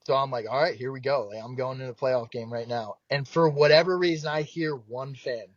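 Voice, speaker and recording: A young man from South Jersey, a baseball pitcher guest, telling stories in a lively, profane way and acting out quoted voices. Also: a little fast, dry recording. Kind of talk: casual storytelling. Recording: dull dry podcast mic.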